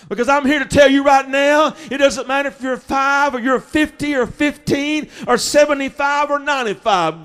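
A man preaching an impassioned sermon as pastor, calling out to the congregation and rising to shouts. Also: very high voice.

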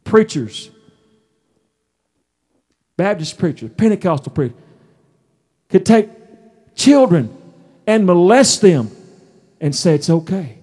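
A middle-aged man preaching a folksy, emphatic sermon in a church, his voice rising into shouts. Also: high-pitched, big pitch swings, slow pace, pauses often, slightly rough. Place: church sanctuary.

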